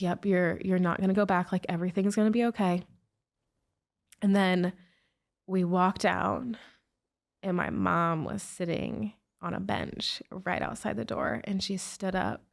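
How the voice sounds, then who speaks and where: An American woman, a guest who is an author and speaker, recounts a painful personal story in an interview. Her lowish, gravelly voice moves a little slowly, emotional and full of "like" fillers.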